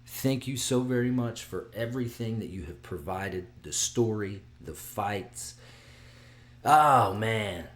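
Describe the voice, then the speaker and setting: A man hosting his own video, talking excitedly and rambling, with frequent restarts and sudden drops to a mutter. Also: lowish voice, slow. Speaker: vlog host giving fight picks. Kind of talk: casual solo video chat.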